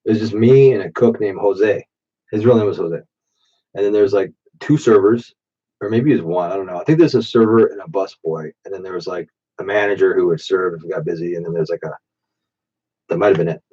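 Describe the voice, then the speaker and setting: A man's voice: low-pitched, brisk, breathy edge. A man in his late thirties with a stuffy nose from allergies, telling rambling, profane stories on a late-night live stream while drinking. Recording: dull, muffled default mic.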